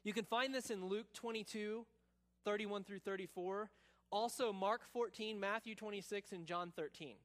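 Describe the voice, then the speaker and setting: Guy preaching, higher voice, acts out the quotes then gets quiet and probing. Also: moderate pace. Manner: animated storytelling, acting out quotes, drops to quiet intensity. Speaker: pastor. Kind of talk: sermon.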